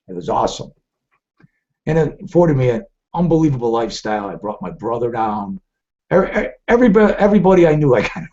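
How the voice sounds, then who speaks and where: Hosting a live trading webcast, a middle-aged man drifts between stories, rambling and frequently restarting his sentences. He has a medium-pitched voice with a dark tone, captured in dull, lo-fi audio.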